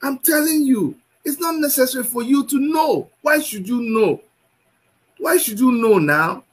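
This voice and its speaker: A man giving impassioned commentary, scolding and repeating himself, at times shouting. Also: extremely high pitch, expressive, a little slow, rough recording.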